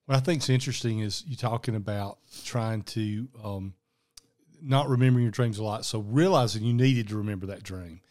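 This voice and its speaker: A man's voice: lowish voice, normal speed. A man hosting a podcast, listening attentively and reflecting back on his guest's story in a conversational way. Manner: attentive, frequent soft affirmations. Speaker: podcast host.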